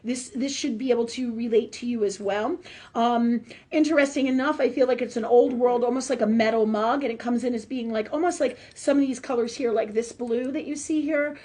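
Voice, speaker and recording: A woman's voice: fairly high pitch, fairly quick, a little mellow. A woman hosting a live spiritual forum as a medium, chatting and praying, often tagging her sentences with "right?". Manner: chatty, with constant "right?" tag questions. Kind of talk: live spiritual talk and prayer.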